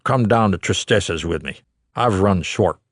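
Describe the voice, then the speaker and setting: A man reads a literary novel aloud in a measured, rhythmic way. His voice sits low and deep. The recording is dry and close, with no room sound around him. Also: no room sound. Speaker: audiobook narrator. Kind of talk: literary audiobook reading.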